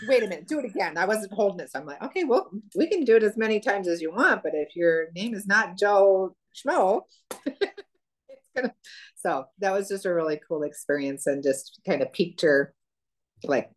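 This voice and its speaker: A woman's voice: mid-range voice, expressive, normal speed. A woman telling a client story in casual chat, acting out quotes with laughter. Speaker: practitioner sharing a client story.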